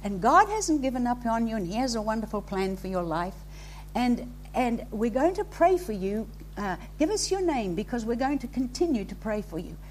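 A woman preacher voicing a young male street minister who speaks gently and reassuringly. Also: very high-pitched, big pitch swings, normal speed, slight background noise, voice pushed down.

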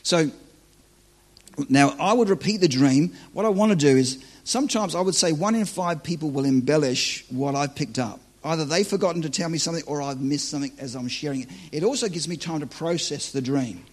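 Man, joking conversational preacher, husky tone, a little high-pitched. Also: brisk, darkish tone. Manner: joking, conversational, self-deprecating. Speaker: preacher teaching on dream interpretation. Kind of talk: live church teaching to an audience.

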